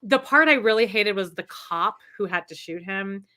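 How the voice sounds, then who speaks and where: A woman's voice: medium pitch, expressive, normal speed, bright, forceful tone. A woman co-hosting a podcast, chatting casually in rambling, restarting sentences. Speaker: podcast co-host. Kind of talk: casual chat.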